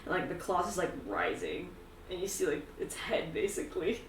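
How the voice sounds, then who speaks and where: A woman narrating as game master, animated and laughing often, with lots of "like" fillers. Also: fairly low pitch, fairly quick, a little hiss or hum. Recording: echoey room, mic at a distance.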